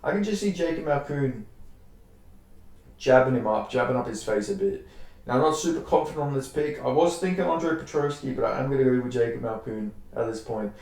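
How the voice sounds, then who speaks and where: A man's voice: mid-range voice, expressive, brisk, a little mellow. An Australian man giving casual fight predictions, rambling, repeating himself and swearing offhandedly. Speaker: MMA fight predictions host. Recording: very echoey room.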